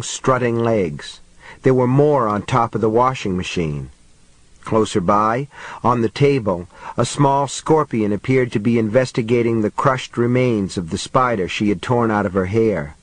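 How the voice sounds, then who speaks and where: A man's voice: medium pitch, unhurried, no room sound, poor audio. Man narrating an audiobook, dry and close.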